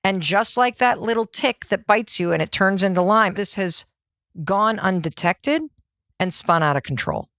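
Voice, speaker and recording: A middle-aged woman hosting a motivational podcast, talking in an energetic, conversational way and asking herself rhetorical questions. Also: medium pitch, normal speed, dry recording, clean studio sound. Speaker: podcast host.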